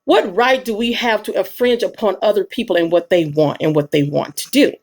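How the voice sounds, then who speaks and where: A woman giving a live commentary monologue, emphatic and preachy, with bursts of rapid speech. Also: mid-range voice, darkish tone. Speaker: online commentator.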